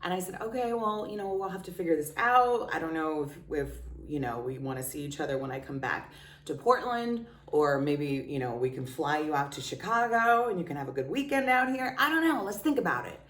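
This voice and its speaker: A woman's voice: low-pitched, lively intonation, a little fast. A woman vlogger telling a personal story in a candid, chatty, self-mocking way. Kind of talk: casual confessional storytelling. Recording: roomy sound, distant from mic.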